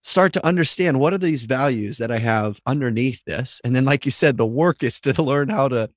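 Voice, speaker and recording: A man's voice: mid-range voice, normal speed, no room sound, clean studio sound. A man hosting an interview conversation, casual, often laughing and saying "like".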